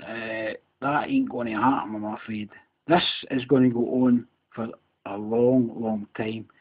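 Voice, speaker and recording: A man's voice: medium pitch, steady tone, measured pace, breathy edge. Sweary drunk Glaswegian man ranting. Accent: Scottish, Glaswegian. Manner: sweary, heated, repetitive. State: a bit drunk. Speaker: podcast host. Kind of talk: angry solo rant. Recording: tinny phone-quality recording.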